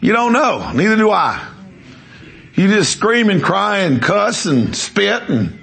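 A man's voice: high-pitched, very animated, slow pace, vocal fry, a bit bright. A man preaching a sermon, telling a story with emphasis and quizzing the congregation. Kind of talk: sermon with testimony.

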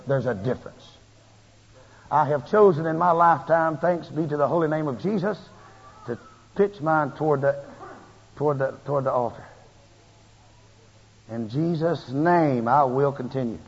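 Folksy preacher on old hall tape. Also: male voice, mid-range voice, moderate pace, husky. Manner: folksy, animated preaching with rising emphasis. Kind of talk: sermon. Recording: lo-fi tape with long hall reverb.

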